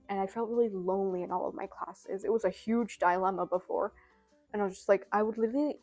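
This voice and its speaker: A young adult woman with a medium-pitched, somewhat dark voice vlogs from home. She chats casually to camera, rambling and self-deprecating, with lots of fillers.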